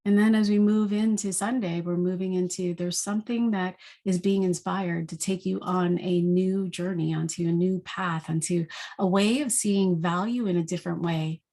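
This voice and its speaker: Woman, lowish voice, intuitive forecaster, casual spiritual monologue, reflective, rhetorical questions. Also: steady tone, moderate pace, warm tone.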